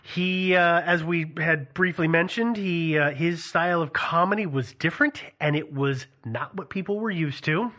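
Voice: medium pitch, moderate pace, few pauses, bright, forceful tone. A podcast host talking casually, telling a story with frequent fillers and restarts. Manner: hesitant, many restarts and fillers.

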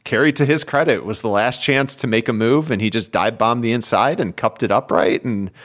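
A man co-hosting a casual cycling podcast, retelling races and acting out quotes with big pitch jumps. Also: a little fast, fairly bright tone. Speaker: podcast co-host. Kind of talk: casual chat about bike racing.

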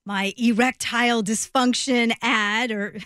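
Bright-voiced woman radio news anchor. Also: fairly high pitch, steady tone, takes it slowly, no echo, studio quality. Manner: laughing, self-deprecating, blurts things out. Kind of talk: casual radio banter. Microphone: studio microphone.

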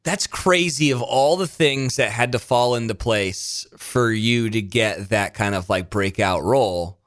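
A man's voice: fairly low pitch, unhurried, a bit bright. Curious male interviewer. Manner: recaps the guest's story, curious. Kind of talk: casual interview.

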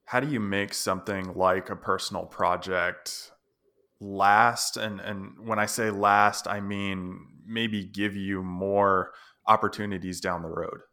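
A man's voice: low-pitched, steady tone, slow, pushed and bright. A man hosting a podcast interview, curious and asking short follow-up questions. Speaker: podcast host.

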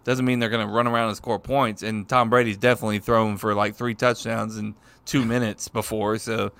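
A man's voice: fairly low pitch, flat delivery, a little fast, vocal fry, a bit bright. A man hosting a sports podcast in loose, casual chat, swearing freely. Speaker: podcast host.

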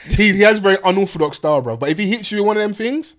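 A young man, co-hosting a podcast in slangy, animated casual chat and laughing often. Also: high voice, racing. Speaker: podcast co-host.

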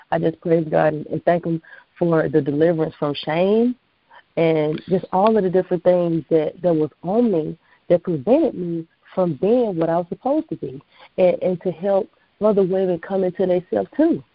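A woman's voice: lowish voice, dry recording. American woman testifying over a phone line. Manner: earnest, preacherly, plainspoken. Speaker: guest author and minister. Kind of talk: personal testimony on a call-in show. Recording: dull dry phone line.

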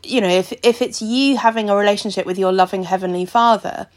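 A woman hosting a podcast interview, thoughtful and measured as she asks her questions. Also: mid-range voice. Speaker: podcast host.

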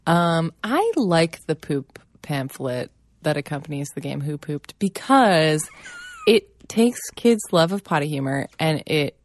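A woman's voice: sits low, wildly swooping pitch, slow pace, dry recording, studio quality. A mother casually chatting as a podcast co-host, enthusiastic and laughing as she talks. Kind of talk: casual chat.

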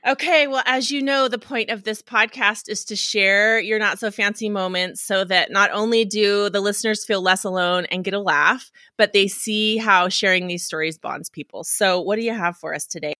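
A woman hosting a podcast, keeping the chat going with quick, playful reactions. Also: medium pitch, bright, forceful tone, no room sound, studio quality. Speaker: podcast host. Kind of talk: casual interview chat.

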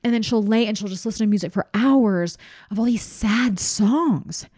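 A woman in her thirties, a mother chatting casually with a friend and telling animated family stories. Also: on the high side, moderate pace, breathy edge, no echo, clean studio sound. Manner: chatty, animated storytelling with quoted voices and laughs. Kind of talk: casual chat.

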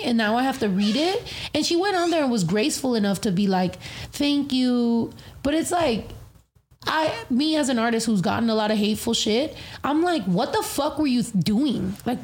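A young woman hosting a casual podcast, telling stories in a profane, animated way with lots of fillers. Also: fairly high pitch. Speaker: podcast host.

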